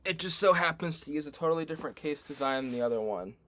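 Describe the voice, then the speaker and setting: A man's voice: a little high, animated, fast, fairly bright tone. A man commenting casually on a livestream as he tests old computers at home, rambling, joking and laughing at himself. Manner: rambling, self-deprecating, laughs often. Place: home room.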